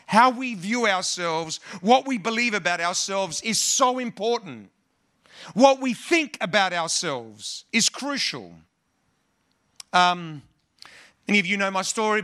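A man's voice: high voice, bright, forceful tone. A man preaching a sermon, opening with a prayer and then talking in a conversational way, with many fillers and restarts. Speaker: pastor.

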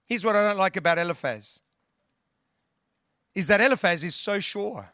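A man's voice: sits high, animated, normal speed, long pauses, pushed and bright, no echo, clean studio sound. A male preacher giving a sermon in an earnest, conversational way, building long lists and sometimes restarting his sentences.

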